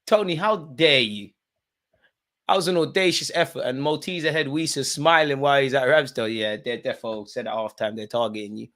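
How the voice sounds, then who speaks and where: A young man, streaming a live football watchalong, shifting between nervous muttering and loud outbursts at the referee. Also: mid-range voice, fairly quick. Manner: animated, swings from muttering to shouting at the ref. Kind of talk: live match reaction commentary.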